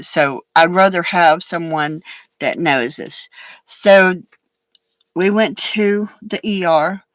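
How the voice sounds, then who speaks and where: An older woman telling a personal story in a halting, rambling way, with many pauses, while she works on a craft project. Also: fairly low pitch, no room sound, rough recording.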